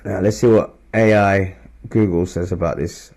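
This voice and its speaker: He has a deep, slightly mellow voice, fairly even in intonation and moderate in pace. As a religious teacher giving informal scripture lessons, he speaks loosely, keeps asking "all right?" and saying "man", and reads verses aloud in a raised voice.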